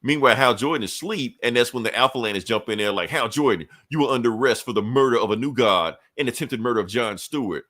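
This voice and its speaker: A man hosting a podcast, recapping a comic issue in loose casual storytelling, acting out characters' lines in quick asides with plenty of profanity. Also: medium pitch, fairly bright tone. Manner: frequent profanity and fillers. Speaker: podcast host.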